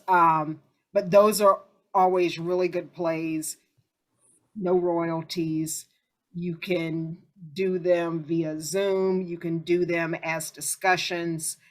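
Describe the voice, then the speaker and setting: Woman, host, casual discussion, chatty storyteller, lowish voice.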